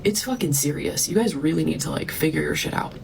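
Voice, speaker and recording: A woman's voice: deep voice, expressive, fast talker, gravelly, noisy background. A woman vlogger delivering a heated, profane rant to camera, breaking into scornful laughs. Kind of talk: ranting monologue to camera.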